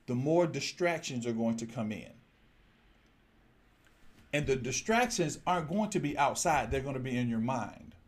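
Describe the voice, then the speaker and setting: A male preacher delivers a sermon in a fairly high voice. He talks straight to the congregation and repeats his phrases. He drops to low murmurs, then breaks into loud exclamations.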